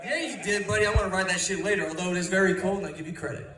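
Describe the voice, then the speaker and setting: A man's voice: sits high, very fast. A young man doing a loose, rambling stand-up set with crowd work, swearing freely. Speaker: stand-up comedian. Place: comedy club stage. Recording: roomy club, crowd laughter, distant capture.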